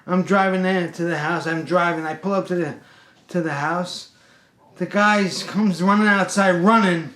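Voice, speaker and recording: Man, blunt streetwise storyteller, fairly high voice, roomy echo. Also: normal speed, fairly bright tone. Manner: streetwise and blunt, talking straight to the listener. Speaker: pest control operator. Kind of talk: casual storytelling.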